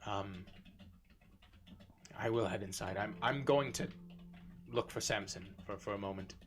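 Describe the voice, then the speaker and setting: A man voicing a gentle older woman who keeps a chapel, speaking softly and hesitantly. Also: on the low side, measured pace. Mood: worried. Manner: soft-spoken, hesitant, worried. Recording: background music.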